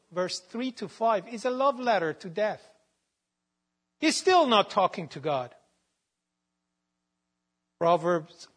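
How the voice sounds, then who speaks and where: Guy with a highish voice doing a slow bible talk, reads verses and cites chapter and verse. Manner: measured, quotes scripture verses with references. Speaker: Bible teacher. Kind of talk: slow devotional Bible teaching.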